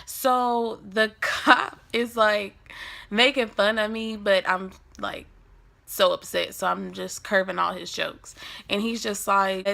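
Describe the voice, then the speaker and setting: A young woman vlogger telling a personal story in a casual, animated, dramatic way. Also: medium pitch, takes it slowly, gravelly. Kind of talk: storytime vlog.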